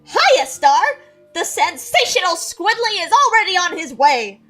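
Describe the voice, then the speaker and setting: A brash, excitable squid creature shouts in a high, swooping voice, as a woman puts him on. He brags loudly and fast, full of eager energy. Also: faint music behind, heavily acted. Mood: excited, loud.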